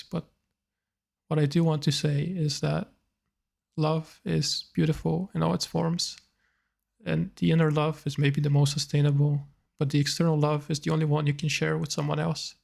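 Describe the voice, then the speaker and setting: A man thinking aloud in a reflective personal monologue, hesitant and musing, pausing to search for words. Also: on the high side, vocal fry, darkish tone. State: slightly tearful.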